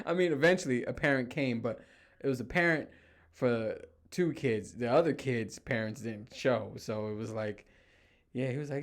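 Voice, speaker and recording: Profane animated man ranting on a podcast. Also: mid-range voice, moderate pace. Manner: animated storytelling, heavy swearing, acts out quotes. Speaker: podcast host. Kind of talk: casual solo podcast rant. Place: room in his home.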